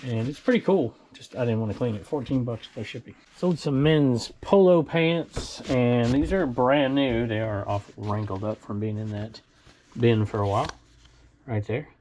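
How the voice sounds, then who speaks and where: A man's voice: medium pitch, moderate pace, darkish tone, slight background noise. A man selling items online, chatting casually and rambling as he walks through his storage bins, chuckling to himself now and then. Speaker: online reseller showing sold items. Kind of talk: casual vlog walkthrough. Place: indoor storage room with bins.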